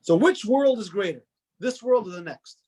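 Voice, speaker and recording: A man's voice: high voice, expressive, moderate pace, darkish tone, husky. A man teaching a religious class in a loose, conversational way, often restarting sentences and putting questions to the students. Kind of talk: informal classroom lecture.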